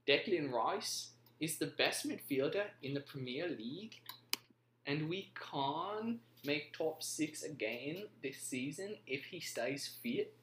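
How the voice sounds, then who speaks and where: A man's voice: on the high side, expressive, slow, fairly bright tone, a little hiss or hum, voice pushed up. A man voicing a brash British football pundit and fan, in a strained mock British accent. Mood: confident. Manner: upbeat, confident punditry. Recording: roomy echo.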